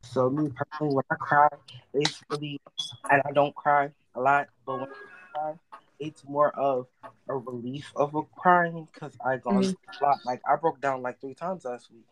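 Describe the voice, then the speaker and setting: A woman's voice: deep voice, steady tone, normal speed, low-quality recording. A woman guest on a podcast, talking in a casual, emphatic and slangy way.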